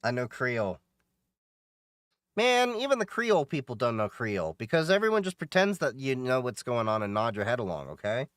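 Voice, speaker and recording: A joking male streamer with a lively voice. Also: mid-range voice, normal speed, no echo, clean studio sound. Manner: joking, chatty, answers viewers and laughs often. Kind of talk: casual live-stream chat while gaming.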